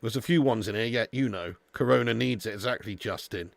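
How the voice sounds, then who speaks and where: Chatty matey watch-along host, dry mic. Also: male voice, lowish voice, fairly quick, creaky, no room sound. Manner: chatty, banters with chat, calls viewers mate and lad. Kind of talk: casual live-stream chat.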